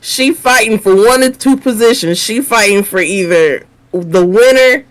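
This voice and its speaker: A woman co-hosting a casual TV review chat, emphatic and opinionated, quick to agree. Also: a little high, poor audio. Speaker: co-host of a TV review show.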